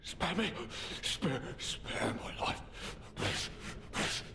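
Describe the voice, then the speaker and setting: An actor playing a frightened, half-drugged male survivor in a video game, pleading and rambling in broken, repeated words. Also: extremely slow. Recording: game audio over loud ambient noise.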